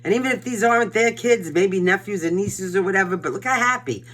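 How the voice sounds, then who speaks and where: A woman's voice: mid-range voice, a little fast, fairly bright tone. Older brooklyn lady w/ new york accent doing a tarot reading, blunt and pushy, lots of emphasis. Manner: blunt, emphatic, pep-talk delivery. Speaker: tarot reader. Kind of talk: casual collective tarot reading.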